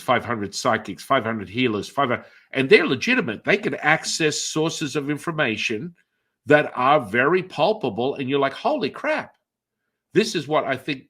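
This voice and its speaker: The middle-aged interviewer, an energy healer who hosts a podcast, has a mid-range, slightly rough voice. His storytelling runs long and meandering, dotted with fillers and restarts, and he animatedly plays out others' reactions in different voices.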